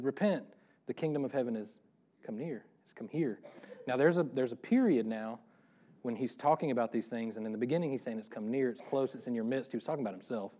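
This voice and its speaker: A middle-aged pastor preaching a casual sermon, talking quickly with joking asides about himself. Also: male voice, mid-range voice, warm tone. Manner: fast-talking, self-deprecating, joking asides.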